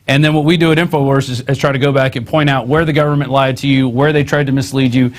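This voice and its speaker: A man hosting a news show, reading articles aloud and adding sarcastic, conversational asides. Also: a little high.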